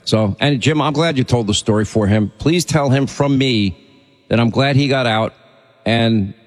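A man's voice: medium pitch, moderate pace, in a large hall. A man hosting a talk radio show, speaking in an urgent and insistent way.

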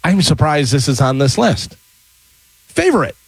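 A man's voice: fairly high pitch, moderate pace, creaky, husky, dry recording. A man hosting a casual radio show, running a spelling quiz with jokes and laughs. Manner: jokey, lively quizmaster, laughs often.

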